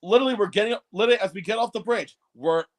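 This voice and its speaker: A man's voice: high-pitched, rapid-fire. A man telling rambling, profane stories on a podcast, with lots of restarts. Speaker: podcast guest co-host. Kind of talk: casual storytelling chat.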